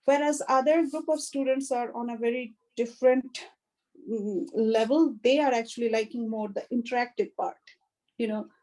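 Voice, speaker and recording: Higher-voiced woman, measured and hesitant. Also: fairly even intonation, a little mellow, rough recording. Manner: measured, with frequent "um" and "you know". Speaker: college instructor. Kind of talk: online faculty workshop discussion.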